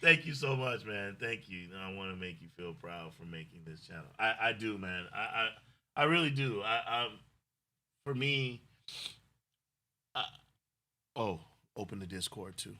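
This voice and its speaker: A man's voice: fairly low pitch, lively intonation, measured pace, long pauses, pushed and bright. A middle-aged man co-hosting a casual livestream, talking in a rambling, effusive way and thanking viewers emotionally. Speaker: livestream co-host.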